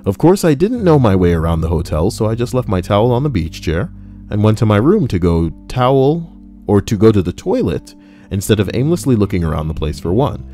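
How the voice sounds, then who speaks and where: Over soft guitar music, a man with a lowish, dark, sing-song voice reads reddit stories on stream fairly quickly, commenting casually as he goes. Jokey and profane, he tosses in asides, laughs, and slips into mocking voices.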